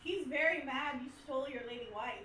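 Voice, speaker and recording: A woman's voice: sits high, fairly quick, pushed and bright, far from the mic. A woman playing a tabletop game, chatting in a giggly, playful way. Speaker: player. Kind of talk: casual chat at a game table. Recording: echoey room with faint noise.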